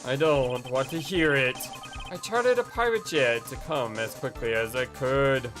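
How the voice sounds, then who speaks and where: A woman voicing a cool, aloof adult man who speaks in a calm, dry, measured way. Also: very deep voice. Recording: game music playing underneath.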